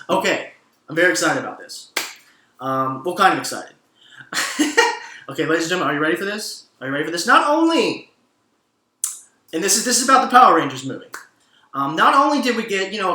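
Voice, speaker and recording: A man hosting an entertainment news show, chatting excitedly with frequent laughter and swearing, addressing his audience directly. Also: high voice, echoey room. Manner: excitable, laughing, profane, addresses "ladies and gentlemen". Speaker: host. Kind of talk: casual entertainment news commentary.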